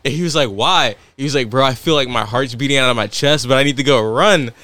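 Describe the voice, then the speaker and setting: Talking fast in a mid-range voice, this young man co-hosts a podcast and spins animated stories in a relaxed, chatty way. He laughs a lot and performs other people's quotes, and there's no audible room sound.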